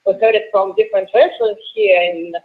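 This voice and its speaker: A woman's voice: medium pitch, steady tone, brisk. A woman in her late twenties from Russia with a Russian accent, a professional wrestler answering interview questions earnestly with many hesitations. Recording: tinny phone line.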